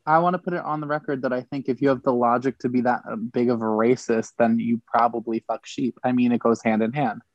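A man's voice: mid-range voice, fairly even intonation, fast, few pauses, no room sound, muffled recording. A man co-hosting a podcast, making dry jokes in a casual chat.

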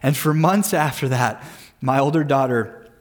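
A man's voice: mid-range voice, a little slow. A man in his thirties, a men's group leader, giving an earnest devotional talk full of personal stories. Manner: earnest storytelling with personal anecdotes.

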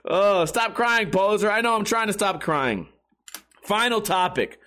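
On his podcast, a middle-aged host rants casually, sarcastically, and with plenty of profanity. His fairly high voice is bright and forceful, expressive, and unhurried.

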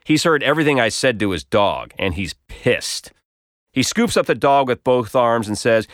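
A man's voice: medium pitch, sing-song, normal speed, fairly bright tone, dry recording. A man reading his own comic story aloud with wry, dry humor. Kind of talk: scripted narration.

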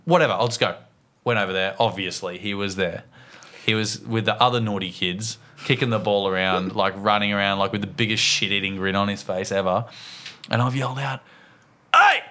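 An Australian man co-hosting a podcast, telling a story in an animated, tumbling way. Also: fairly low pitch, fairly quick. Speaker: podcast co-host. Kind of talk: casual chat, storytelling.

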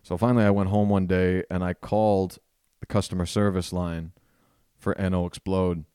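Deep-voiced man telling a rambling funny story. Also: moderate pace, smooth, no echo, studio quality. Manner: self-deprecating, rambling, animated. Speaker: podcast host. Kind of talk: casual comedic storytelling monologue.

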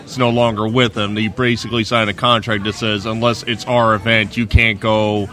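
A man's voice: on the low side, flat delivery, normal speed, pushed and bright. Easygoing male podcast co-host. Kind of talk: casual podcast chat. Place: bar at a resort, indoors. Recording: faint bar music behind.

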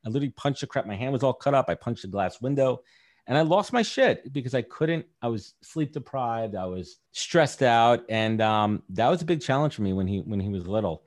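A man's voice: mid-range voice, expressive, fairly quick. A man in his thirties talking candidly as a podcast guest, rambling with lots of fillers. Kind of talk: casual podcast chat.

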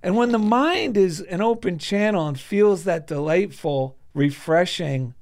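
A man's voice: sits high, lively intonation, measured pace, darkish tone, no echo, studio quality. A man co-hosting a podcast in casual chat, with reflective, spiritual musings. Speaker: podcast co-host.

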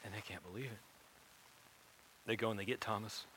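A man's voice: fairly low pitch, fairly even intonation, brisk, background noise. A man preaching in a casual storytelling way, with humorous asides. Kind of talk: sermon storytelling.

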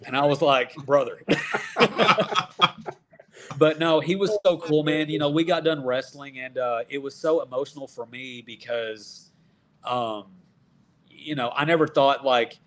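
A man from Texas, a wrestler in his thirties, telling stories in a casual, animated way and acting out what people said. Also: medium pitch, normal speed, a little hiss or hum. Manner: animated, acts out quoted dialogue. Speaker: professional wrestler guest. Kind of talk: casual storytelling.

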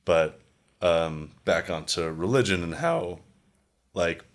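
A man's voice: low voice, lively intonation, slow. A young man co-hosting a podcast in casual chat, rambling with lots of filler words and cheerful swearing. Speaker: podcast co-host.

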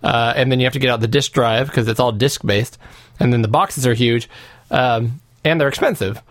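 A man's voice: medium pitch, moderate pace, no echo, studio quality. A man from the United States hosting a podcast, chatting in a jokey, playful way. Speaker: podcast host. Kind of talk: casual chat.

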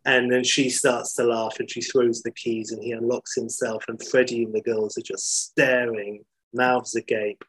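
A man casually retelling a story in an animated, rambling way, full of fillers. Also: medium pitch, normal speed, hardly any pauses, slightly rough, low-quality recording.

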